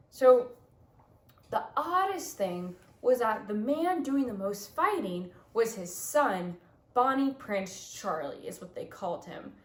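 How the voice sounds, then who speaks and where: A young woman tells history in a loose, tipsy way, wandering off track and filling gaps with ums and likes. She talks slowly and drawls. Her voice bounces around an echoey room. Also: on the high side. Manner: rambling, loses her place, many fillers. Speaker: host. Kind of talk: casual drunk history retelling.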